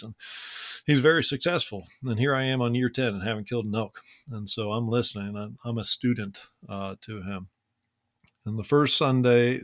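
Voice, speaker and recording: A man's voice: lowish voice, no echo. Man telling a story, dry close sound. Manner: relaxed, conversational, frequent "man" and "uh". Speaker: podcast co-host. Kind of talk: casual storytelling.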